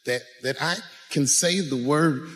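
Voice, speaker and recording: A man doing profane, animated stand-up storytelling on stage with a handheld mic, punching up lines with sudden shouts. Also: medium pitch, unhurried. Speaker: stand-up comedian. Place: stage in a large venue. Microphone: handheld microphone. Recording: echoey live venue.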